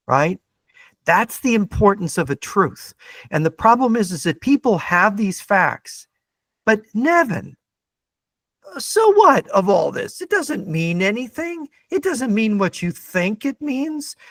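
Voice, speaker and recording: A man's voice: high-pitched, a bit bright, no room sound. A man who is a guest on a podcast, debating in a lecturing way and often checking in with "right?". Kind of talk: debate-style conversation.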